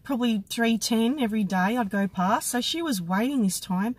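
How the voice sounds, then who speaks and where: A woman psychic medium telling a personal story to camera, reflective and halting, with many restarts. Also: a little high, husky, low-quality recording.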